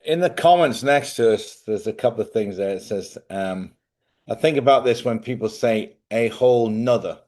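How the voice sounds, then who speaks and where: A man with a fairly low voice hosts a casual live stream. He rambles along in a chatty way, often thinking out loud and wandering between thoughts. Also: moderate pace. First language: English.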